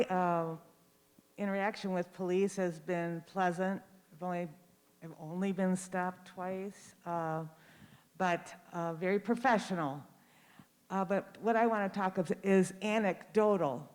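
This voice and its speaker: An older woman from Detroit giving public comment at a community session, measured and hesitant, with many fillers. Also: medium pitch, darkish tone, long reverb tail. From Detroit, USA. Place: large school hall.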